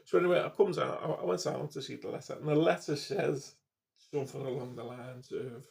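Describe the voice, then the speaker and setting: Brief: fifties guy, gravelly voice, loose sweary storyteller. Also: mid-range voice, fairly even intonation, fairly quick, darkish tone. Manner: swears constantly, trails off, restarts sentences. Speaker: vlogger. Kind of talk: casual rambling monologue.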